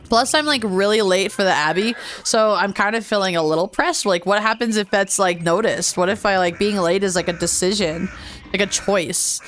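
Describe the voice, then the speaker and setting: A woman's voice: medium pitch, moderate pace, fairly bright tone, a little hiss or hum. A woman giving casual, chatty gameplay commentary as a let's play host, self-deprecating and full of fillers.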